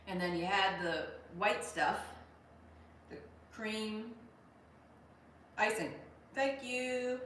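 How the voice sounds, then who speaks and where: A woman's voice: mid-range voice, moderate pace, a bit bright, recorded from a distance. Chatty woman streaming in an echoey room. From Pittsburgh. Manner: chatty and rambling, with many restarts. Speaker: comedian hosting a livestream. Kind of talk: casual live chat, reading viewer comments aloud. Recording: very echoey room, voice off-mic, faint hum.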